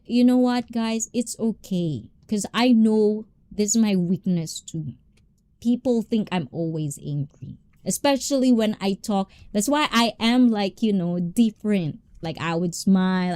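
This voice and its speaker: A woman hosting a live stream, chatting with viewers in an animated, passionate way and switching between English and Tagalog. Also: medium pitch, no room sound. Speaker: livestream host.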